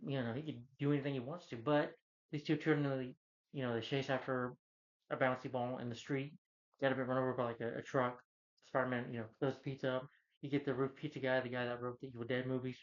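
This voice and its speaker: A man's voice: medium pitch, flat delivery, fast, dull audio. Rambling man reviewing a film. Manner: rambling, enthusiastic plot retelling.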